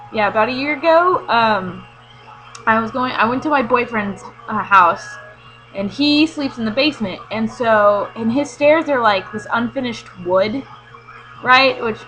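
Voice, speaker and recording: A woman's voice: a little high, pushed and bright, low-quality recording. A young woman vlogger telling a rambling, sweary, self-mocking story in casual chat.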